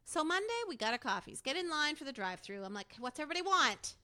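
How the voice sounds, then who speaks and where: A woman co-hosting a podcast, telling a road-trip story in casual chat, animated and quick to laugh. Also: sits high. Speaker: podcast co-host.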